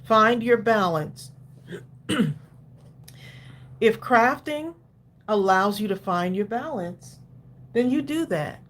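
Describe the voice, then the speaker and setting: A woman's voice: on the high side, expressive, slow pace, pauses often, a bit bright. A woman hosting a crafting livestream who chats casually, encourages viewers and laughs often. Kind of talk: casual live-stream chat.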